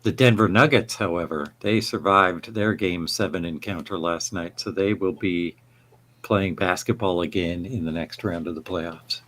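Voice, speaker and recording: A man chats along on a live repair stream, quick and helpful, passing on tips from the chat. His voice sits a little low. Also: a bit bright. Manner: chatty, quick and helpful, reading out chat comments.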